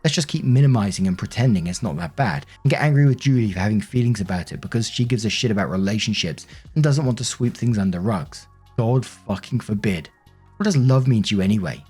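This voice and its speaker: A man's voice: fairly low pitch, animated, fairly quick, mellow, breathy edge, soft background music. A man reading the lines of a wounded, accusing wife in his own voice while narrating a Reddit story. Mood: bitter. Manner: bitter, reproachful, pleading.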